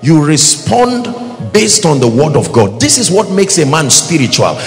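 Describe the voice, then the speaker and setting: A man preaching a sermon to a congregation, animated, with call-and-response questions and acted-out quotes. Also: on the high side, measured pace. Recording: echoey hall with faint music.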